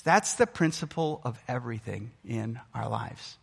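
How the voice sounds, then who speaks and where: A man's voice: mid-range voice, sing-song, moderate pace, gravelly, few pauses, fairly bright tone. A middle-aged man preaching a sermon as pastor, earnest and emphatic, his delivery rising and falling. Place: church sanctuary. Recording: long hall reverb.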